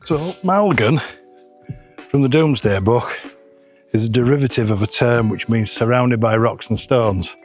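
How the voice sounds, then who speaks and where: A man's voice: mid-range voice, normal speed, faint music behind. Chatty middle-aged man outdoors. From England. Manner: chatty, self-deprecating, jokey. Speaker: photography vlogger. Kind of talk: casual outdoor vlog. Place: outdoors on limestone hillside.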